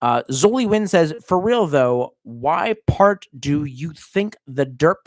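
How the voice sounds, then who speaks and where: A man's voice: on the high side, expressive, takes it slowly, dry recording. A man hosting a casual livestream, reading viewer comments aloud and answering in a crude, sarcastic rant. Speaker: livestream host reading chat.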